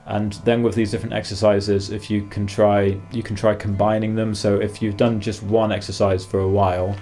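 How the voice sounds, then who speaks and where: A man giving a guitar masterclass, calmly explaining practice exercises and counting beats aloud between demonstrations. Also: on the low side, normal speed. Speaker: guitar teacher. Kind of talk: masterclass instruction. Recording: faint guitar music behind. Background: guitar playing.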